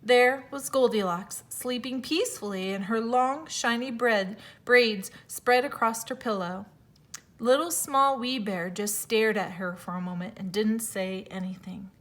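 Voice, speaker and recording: A woman teacher reading a fairy tale aloud to children, expressive, with small slips and self-corrections. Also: fairly high pitch, a little slow.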